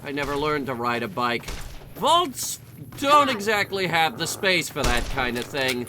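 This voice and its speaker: A man's voice: fairly high pitch, very animated, unhurried, noisy background. A young man giving rambling, sarcastic, jokey commentary while he plays a video game. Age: young adult. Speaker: let's play commentator.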